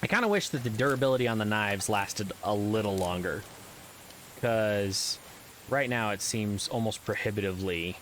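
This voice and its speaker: A man's voice: on the low side, lively intonation, moderate pace, fairly bright tone, slight background noise, rough recording. Rambling man commenting on gameplay. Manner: rambling, self-deprecating, frequent ums and uhs. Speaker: let's play gamer.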